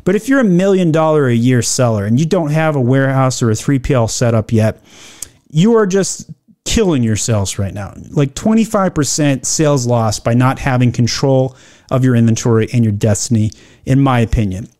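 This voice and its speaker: A man giving blunt, opinionated business commentary, reading out policy lines slowly and then riffing on them with sarcasm. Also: mid-range voice, animated, a little mellow. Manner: reads quoted policy text slowly, then riffs.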